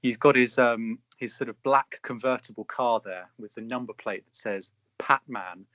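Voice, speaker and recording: A man's voice: medium pitch, moderate pace, fairly bright tone, dry recording. A man with a mid-range voice rambles through a story, full of fillers and restarts and often amused. The sound is dry and close, a bit dull in the top end. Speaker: podcast co-host. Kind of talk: casual storytelling chat.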